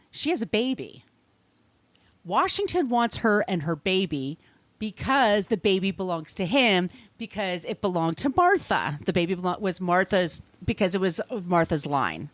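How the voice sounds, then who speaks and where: A woman's voice: fairly low pitch, animated, normal speed, fairly bright tone, no room sound. A woman hosting a podcast, telling a history story in a rambling, conversational way, with restarts and the odd swear. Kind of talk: casual storytelling chat.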